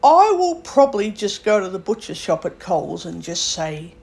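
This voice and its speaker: A woman's voice: mid-range voice, very animated, normal speed, vocal fry, few pauses, a little mellow. A young Australian woman vlogging, thinking aloud in a chatty, rambling way with fillers and self-corrections. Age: young adult. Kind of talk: casual rambling monologue.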